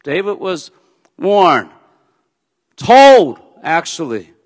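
A man preaching a sermon, dropping to a hush and then rising to loud, emphatic peaks. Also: high-pitched, sing-song, drawn-out words. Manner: swings from hushed to loud and emphatic. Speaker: pastor. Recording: long hall reverb.

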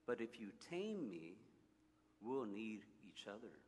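A gentle, wise fox from a storybook speaks slowly and earnestly, voiced by a man reading aloud. His unhurried words ring out in a long hall reverb. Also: fairly low pitch, very animated, breathy edge, full character voice. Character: wise gentle male fox, patient teacher.

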